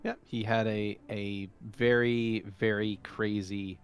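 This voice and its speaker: A man's voice: lowish voice, flat delivery, takes it slowly, faint music behind. A man chatting sarcastically as a player at a tabletop game. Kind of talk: casual chat.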